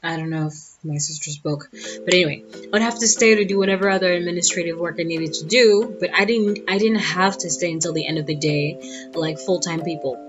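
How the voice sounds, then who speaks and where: Sassy low-voiced woman telling a story. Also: a little fast. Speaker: vlogger. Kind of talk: casual storytime monologue. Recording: dull lo-fi audio with guitar music.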